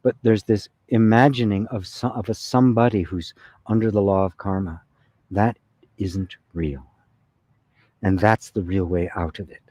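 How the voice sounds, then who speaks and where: A man's voice: fairly low pitch, steady tone, moderate pace, dry recording. A man giving a conversational satsang talk as spiritual teacher, often checking with "right?". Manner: conversational, with frequent "right?" and soft laughs.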